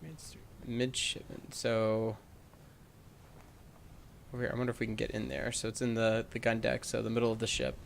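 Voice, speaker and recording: A man's voice: mid-range voice, steady tone, moderate pace, gravelly, pauses often, a little hiss or hum. A man playing a mystery video game and thinking aloud, unsure and musing as he goes. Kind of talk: let's play commentary.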